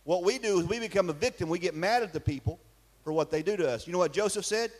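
A man's voice: sits high, fast talker. A man preaching a sermon in a church, emphatic and firing rhetorical questions at his congregation. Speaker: pastor.

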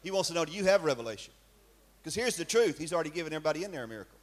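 A male preacher, speaking in a voice pitched high for a man. He preaches emphatically in church and keeps asking his congregation questions. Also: animated, very fast. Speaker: pastor. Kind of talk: sermon.

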